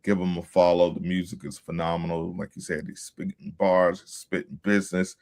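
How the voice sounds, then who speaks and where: A man's voice: sits low, little pitch movement, fairly quick, vocal fry, a little mellow. A man from Virginia hosting a casual interview, talking in an upbeat hype style with punchy catchphrases. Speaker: podcast host.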